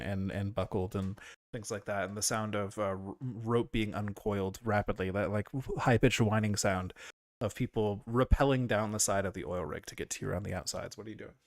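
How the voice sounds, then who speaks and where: Man, game master, tabletop narration, relaxed, halting with fillers, dry recording. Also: fairly low pitch, no echo. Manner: relaxed, hesitant with fillers, laughs often.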